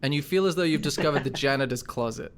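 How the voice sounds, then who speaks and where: A man narrating as game master and podcast host, relaxed and chuckling as he goes. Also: medium pitch, fast.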